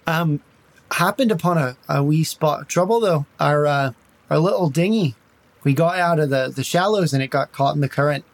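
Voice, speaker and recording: A man's voice: moderate pace, no room sound, close to an everyday voice. Guy doing a slippery irish elf bard, sweet-talking, voice jumps up when he's cornered. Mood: evasive. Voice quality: lilting, wheedling, pitch rising when pressed. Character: fast-talking male elf bard, smooth and evasive. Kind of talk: tabletop role-play in character.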